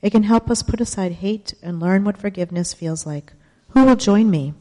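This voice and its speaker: A woman voicing a scarred young village girl who is calm and earnest as she pleads for peace. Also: medium pitch, moderate pace, lightly acted. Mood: firm. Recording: long hall reverb.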